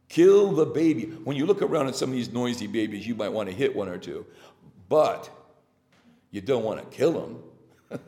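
A man preaching a sermon, halting and repeating himself now and then, with a slow, musing delivery. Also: mid-range voice, creaky, a little mellow. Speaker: priest. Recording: long hall reverb.

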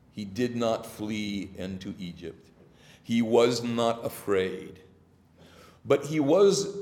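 A man preaching a sermon, halting and repeating himself now and then, with a slow, musing delivery. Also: medium pitch, a little mellow. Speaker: priest. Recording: long hall reverb.

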